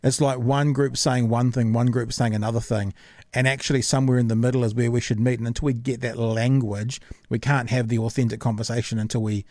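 A man's voice: mid-range voice, flat delivery, brisk, darkish tone, no echo, studio quality. A man hosting a casual podcast, making his case earnestly and thinking aloud. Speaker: podcast host.

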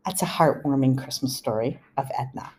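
A woman's voice: rumbling low, a little fast, a little mellow, a little hiss or hum. A middle-aged woman hosting a podcast, telling family stories in a chatty, casual way with laughing asides. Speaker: podcast host. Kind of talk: casual storytelling.

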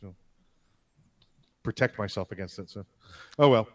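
A man co-hosting a podcast, rambling and joking deadpan in casual chat. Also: on the low side, moderate pace. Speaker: podcast co-host.

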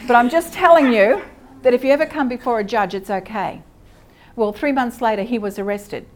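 With a fairly high voice, an ordinary pace, and frequent pauses, this Australian woman delivers sermon teaching at church. She talks in a relaxed way, full of fillers and self-corrections.

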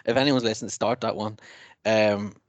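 A man's voice: lowish voice, moderate pace, dry recording. Laughing man, dry close sound. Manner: laughing, animated, reads quotes aloud mockingly. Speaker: podcast co-host. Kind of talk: casual chat.

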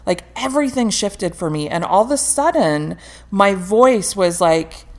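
A woman's voice: medium pitch, expressive, measured pace. A woman guest in casual podcast chat, talking candidly with frequent laughter and the odd swear word.

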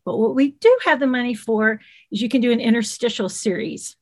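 In a relaxed interview, a children's TV creator in middle age shares her story with a warm Southern US accent. She speaks in a slightly high voice, stays lively and animated, and briefly mimics anyone she quotes.

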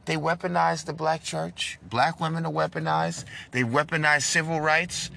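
A man's voice: steady tone, normal speed, creaky. Preachy man ranting in a noisy car. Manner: preachy, swings between loud outbursts and low hushed lines. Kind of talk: impassioned monologue.

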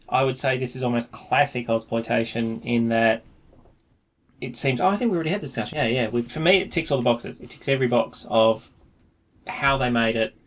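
A man, co-hosting a casual film podcast, chatty and laughing often, often trailing off mid-sentence. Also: medium pitch. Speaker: podcast co-host.

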